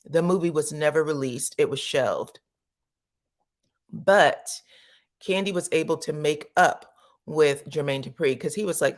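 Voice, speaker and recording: A woman hosting a casual gossip commentary, chatty and animated, tagging her points with "okay?" and acting out quotes in sudden high voices. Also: a little slow, pauses often. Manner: chatty and animated, peppers speech with "okay?" and "child"; acts out quotes with sudden high pitch jumps. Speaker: commentary channel host.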